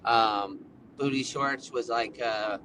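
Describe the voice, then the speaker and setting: A man's voice: mid-range voice, steady tone, slow pace. Rambling man on a noisy phone call. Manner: rambling, loose, heavy on filler words. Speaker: seed breeder guest. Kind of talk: casual interview chat. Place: in a car while driving.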